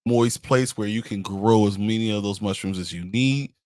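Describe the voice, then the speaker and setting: Relaxed man chiming in on a stream. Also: lowish voice, moderate pace, dry recording, clean studio sound. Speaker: podcast co-host. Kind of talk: casual live-stream chat.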